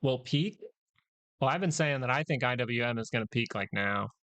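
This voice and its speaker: A man's voice: mid-range voice, animated, moderate pace, a bit bright, highs cut off. A man hosting a live stock market stream, rambling through casual commentary, correcting himself and joking with his chat.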